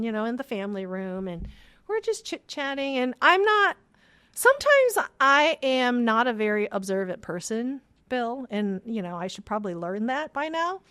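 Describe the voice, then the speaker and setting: Woman podcast host, high voice, very lively pitch, casual storytelling, acts out dialogue. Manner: animated, acts out dialogue, frequent "right?" and "okay?".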